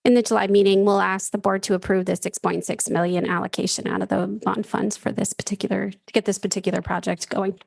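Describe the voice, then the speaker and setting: Gravelly, flat-voiced woman explaining a proposal. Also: mid-range voice, fast, few pauses, no room sound. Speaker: staff presenter. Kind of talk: public meeting discussion. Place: board meeting room.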